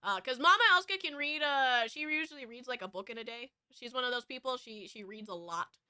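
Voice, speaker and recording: A woman's voice: on the high side, brisk, bright, forceful tone, clean tone, no room sound, studio quality. A woman streamer with an American West Coast accent, chatting casually and rambling. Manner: rambling, with frequent fillers and restarts. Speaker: VTuber streamer. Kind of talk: casual chat.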